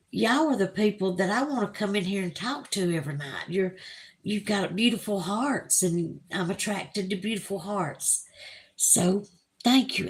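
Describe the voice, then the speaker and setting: A woman with a Southern US accent hosting a livestream, reading viewer comments aloud in a gushing, emotional, chatty way. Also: mid-range voice. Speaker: livestream host. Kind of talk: casual live chat reading viewer comments.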